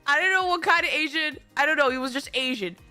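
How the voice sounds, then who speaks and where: Bright, high-voiced woman streamer telling a story. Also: fast talker, faint music behind. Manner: animated, rambling, swears, acts out quotes. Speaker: VTuber streamer.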